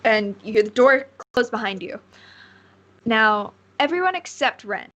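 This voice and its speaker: A woman's voice: fairly high pitch, unhurried, poor audio. Woman narrating a tabletop game. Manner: relaxed, rambling narration with fillers. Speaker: game master.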